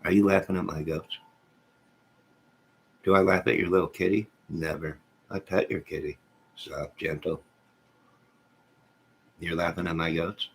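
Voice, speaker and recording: Deep gravelly joking man. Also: steady tone, normal speed, long pauses, slight background noise. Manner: joking, teasing, chats to viewers by name. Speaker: livestream host reading chat. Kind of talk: casual livestream chat. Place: at home with goats nearby.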